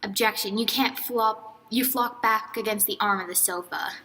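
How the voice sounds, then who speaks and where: A woman's voice: mid-range voice, steady tone, normal speed, sharp tone, breathy edge. A young woman reading a fan fiction story aloud with friends in a casual, amused way. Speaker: reader.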